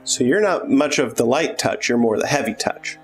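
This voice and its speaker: A man's voice: mid-range voice, animated, moderate pace, soft background music. A man playing a tabletop role-playing game, asking probing questions in character. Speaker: player.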